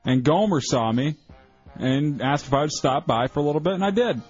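A male co-host with an ordinary mid-pitched voice who rambles and jokes through his banter. The broadcast is slightly muffled, with faint music behind. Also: animated, fairly quick, a little mellow, slightly rough. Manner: joking, rambling storyteller. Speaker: radio co-host. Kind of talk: radio show banter.

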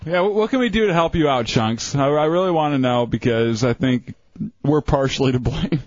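A man co-hosting a radio show, teasing in a mock-serious, deadpan way. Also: on the high side, moderate pace, dry recording. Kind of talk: casual radio banter. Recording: dry, dull lo-fi radio sound.

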